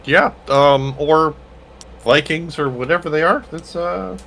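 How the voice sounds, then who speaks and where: A man playing a tabletop game, speaking in a halting, measured way. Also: on the high side, gravelly, fairly bright tone, slight background noise. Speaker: player. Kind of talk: in-character tabletop play.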